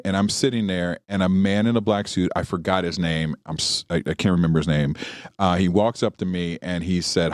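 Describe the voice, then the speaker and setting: A man, an entertainment journalist, telling an animated story on a podcast and acting out what people said. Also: low-pitched, no echo, studio quality. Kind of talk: storytelling anecdote in a podcast interview. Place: studio.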